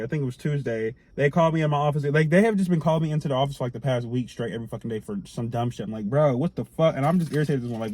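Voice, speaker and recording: Animated, foul-mouthed young man with a mellow voice. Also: no room sound. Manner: animated, profane, swings between loud outbursts and low asides. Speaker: vlogger telling a story. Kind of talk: casual storytime monologue.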